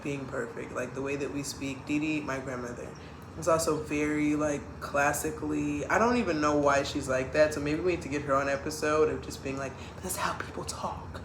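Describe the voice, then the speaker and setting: Young woman, podcast co-host, animated storyteller, from the Bay Area, echoey room, light background hiss. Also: low-pitched. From San Francisco Bay Area. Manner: animated, grows loud and excited when telling stories. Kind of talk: casual family podcast chat.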